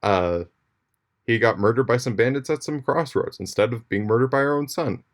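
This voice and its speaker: A man's voice: mid-range voice, normal speed, natural voice. A man voicing a comforting queen who talks in a breezy, casual way, in a student's retelling of a play. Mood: reassuring. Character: comforting queen mother, adult woman.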